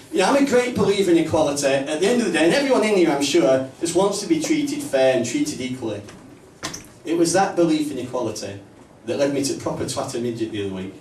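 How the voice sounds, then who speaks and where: A man with a Northern English accent doing a stand-up comedy set in a small pub club, with punchy, deadpan delivery. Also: fairly high pitch, slight background noise. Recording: roomy, distant live mic, faint ambience.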